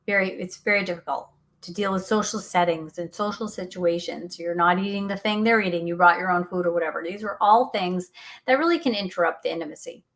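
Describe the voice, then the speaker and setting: A woman's voice: on the low side, fairly quick, fairly bright tone. A middle-aged woman hosting a faith talk show, speaking earnestly and animatedly, often laughing, reading out listener comments. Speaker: radio show host.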